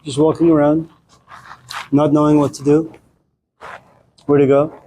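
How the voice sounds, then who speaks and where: A man giving a lecture, telling a story with wry, deadpan humor. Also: fairly high pitch, a little slow, a little hiss or hum, poor audio.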